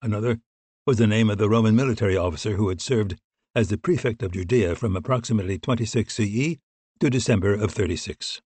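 A man reading a thriller audiobook in scripted narration, steady and even. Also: fairly low pitch, quick pace, husky, dry recording.

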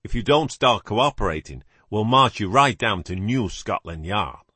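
A man's voice: fairly low pitch, animated, moderate pace, pushed and bright, breathy edge, no echo, full character voice. A man playing a blunt, earnest investigator.

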